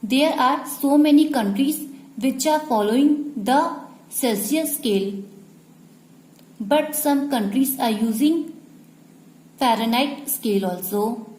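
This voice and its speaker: A woman teacher, explaining a lesson to students slowly and repeating each point. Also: high voice, a little mellow, low-quality recording. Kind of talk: slow classroom explanation.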